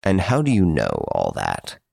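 A man's voice: a bass voice, wildly swooping pitch, a little slow, vocal fry, a little mellow, no echo, clean studio sound, voice pushed down, heavily acted. A man voicing a blunt, incredulous police detective sparring with a clever prisoner. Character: gruff, baffled middle-aged police detective, male.

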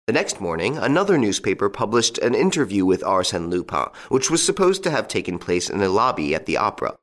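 A man reading a classic story aloud as an audiobook narrator, with expressive storytelling. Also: lowish voice, brisk. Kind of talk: scripted narration.

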